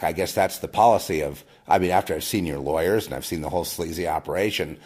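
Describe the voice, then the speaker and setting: A man giving a rambling personal testimony as host of his own video, with frequent restarts and swings between loud emphatic bursts and quiet murmurs. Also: low-pitched, quick pace, hardly any pauses, slightly rough.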